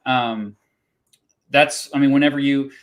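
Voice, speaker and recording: A man's voice: medium pitch, fairly even intonation, unhurried. A man hosting a casual livestream chat, talking in a chatty, hesitant way and laughing often. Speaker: host.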